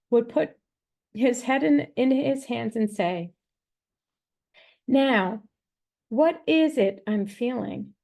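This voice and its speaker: A woman reading a psychology book aloud in a measured way, calling out page numbers and quotes, with small restarts. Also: a little high, gravelly, darkish tone. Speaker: reader of a psychology text.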